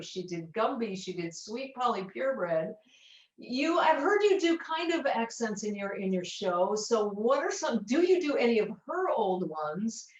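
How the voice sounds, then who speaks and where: A woman host in a casual video chat interview, asking friendly, rambling questions. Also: on the high side. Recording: echoey, distant, lo-fi web call.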